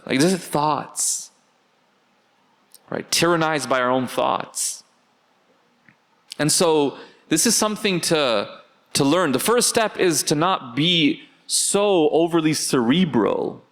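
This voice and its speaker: Animated man teaching a class. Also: a little high, slow pace, pauses often. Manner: animated, rhetorical questions to the audience. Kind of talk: conversational religious class talk.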